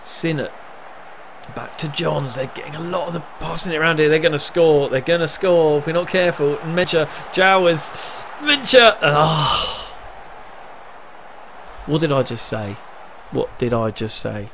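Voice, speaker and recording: Young guy, slightly high voice, chatty play-by-play of his football sim, faint room hum in the background. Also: normal speed, gravelly. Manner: chatty, narrates match events, erupts with excitement at goals. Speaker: gamer commentating a football management game. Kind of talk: casual live game commentary.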